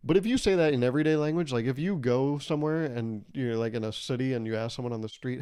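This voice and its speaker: A man's voice: medium pitch, fast, hardly any pauses, dark tone, clean tone. Joking young man rambling on a podcast. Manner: rambling, joking, laughs often, swears. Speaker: podcast host. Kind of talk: casual solo podcast monologue.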